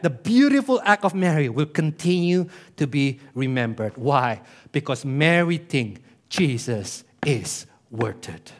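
A male pastor, preaching a sermon in a church, animated, with rhetorical questions and sudden drops to a hush. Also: a little high, a little slow.

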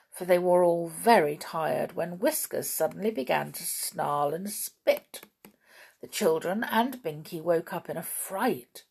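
A woman reads a children's storybook aloud, gentle and expressive. Her voice is lowish and gravelly, with a slow, unhurried pace.

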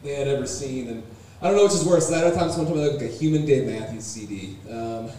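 A man doing a deadpan, self-deprecating stand-up set with muttered asides, at a small comedy venue. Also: quick pace. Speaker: stand-up comic. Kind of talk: open-mic stand-up set. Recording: echoey room, distant mic, low noise.

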